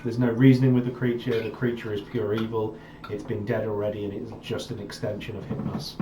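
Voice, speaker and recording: A man's voice: on the low side, little pitch movement, brisk, very noisy, natural voice. A man voicing a grim, curt male adventurer who mutters in short, clipped phrases. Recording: roomy distant mic with music.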